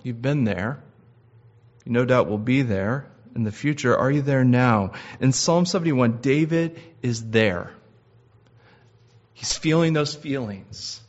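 A man's voice: mid-range voice, slow pace, lo-fi sound. A man preaching a sermon, earnest and personal, rising to impassioned pleading when reading scripture aloud.

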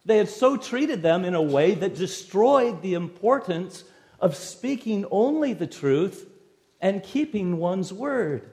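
A man preaching an expository sermon, verse by verse, with an emphatic delivery that swings between loud stresses and sudden quiet drops. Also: high-pitched, very animated, takes it slowly.

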